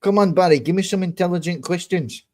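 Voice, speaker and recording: A man's voice: high-pitched, a little mellow. Blunt, combative man ranting to viewers. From England. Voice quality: blunt, swears often. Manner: slow, deliberate, repeats points. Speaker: host of his own online show. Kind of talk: casual monologue answering viewer comments.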